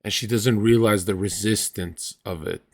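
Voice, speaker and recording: A man from Canada hosting a stream. He tells stories in a crude, animated way and acts out the voices of the people he quotes. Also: on the low side, moderate pace. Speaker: streamer host. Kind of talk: casual storytelling on stream.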